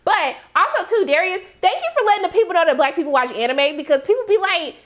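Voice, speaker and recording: A young woman, giving a sassy, animated recap of a TV episode and acting out her reactions. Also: very high voice, fast. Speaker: TV recap host. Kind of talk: casual recap commentary.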